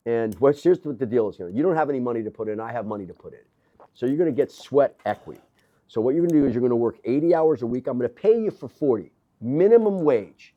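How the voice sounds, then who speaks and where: An older man, a gym owner, telling animated stories in casual conversation with quoted dialogue and blunt, profane language. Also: mid-range voice, lo-fi sound. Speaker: gym owner, interview guest. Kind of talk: casual storytelling. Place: gym office.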